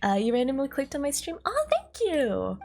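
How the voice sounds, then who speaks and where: A woman's voice: high-pitched, wildly swooping pitch, normal speed, creaky. Giggly young woman streamer. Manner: giggly and playful, greets viewers. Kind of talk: casual live-stream chat. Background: game music.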